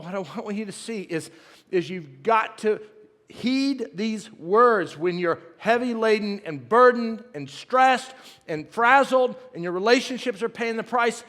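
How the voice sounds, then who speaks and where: High-voiced preacher in a reverberant hall. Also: male voice, a bit bright. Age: middle-aged. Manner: folksy, self-deprecating, jokes with the congregation. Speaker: pastor. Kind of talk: sermon. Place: large church sanctuary.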